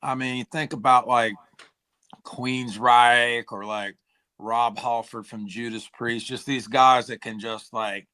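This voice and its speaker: Hoarse guy from tennessee rambling about gigs, bright forceful voice, lots of "like" and "dude". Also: medium pitch, steady tone, takes it slowly. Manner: rambling, says "like" and "dude" a lot. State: hoarse, throat-clearing. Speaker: musician guest. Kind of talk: casual interview chat.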